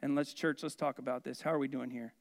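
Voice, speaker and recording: A man's voice: mid-range voice, fairly even intonation, fast talker, gravelly. A male pastor preaching a sermon in a conversational way, asking the congregation questions and adding humorous asides.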